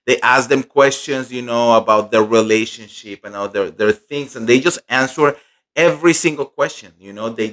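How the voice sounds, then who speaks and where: A young man recapping a fan convention in casual, gossipy chat, animated and full of fillers. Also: mid-range voice. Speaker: pop culture vlogger.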